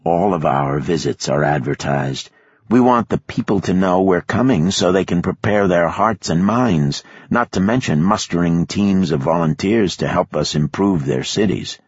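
A man's voice: deep voice, normal speed, husky, no room sound, muffled recording. A man voicing a defiant male hostage with a sardonic, questioning manner.

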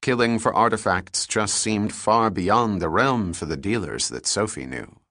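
Low-voiced male audiobook narrator. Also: expressive, unhurried, a bit bright, no echo, studio quality. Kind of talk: scripted narration.

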